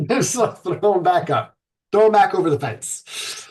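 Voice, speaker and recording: A man hosting a podcast, retelling an old myth with crude, irreverent asides. He speaks slowly in a husky voice set a little high for a man. He rambles, restarts and fills gaps with ums. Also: very animated, darkish tone. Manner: rambling, irreverent, profane, many fillers. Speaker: podcast host.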